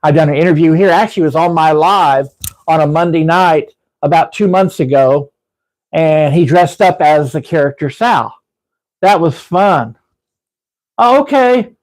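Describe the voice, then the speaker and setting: A livestream host tells a meandering story in a casual live-stream chat, restarting often as he goes. His voice is on the high side and a little mellow, at a normal speed, and the livestream audio is poor.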